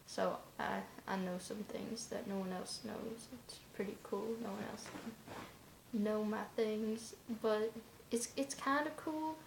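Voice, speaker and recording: A woman with a gravelly, creaky voice that stays flat in pitch, talking straight to camera in a casual vlog. She rambles offhandedly in loose run-on asides. The room around her sounds roomy and echoey. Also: slight background noise.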